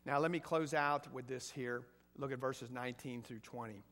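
Bright-voiced man preaching in an echoey hall. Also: mid-range voice, fairly even intonation, moderate pace. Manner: conversational, asks the congregation questions, builds to emphatic peaks. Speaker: pastor. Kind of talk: sermon. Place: church sanctuary.

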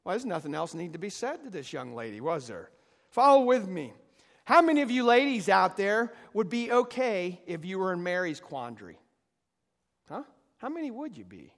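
Male pastor, high voice, impassioned sermon delivery, church hall with a long reverb tail. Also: big pitch swings, moderate pace, a bit bright. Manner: impassioned preaching, rising to emphatic peaks; leads the congregation in call and response. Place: church sanctuary.

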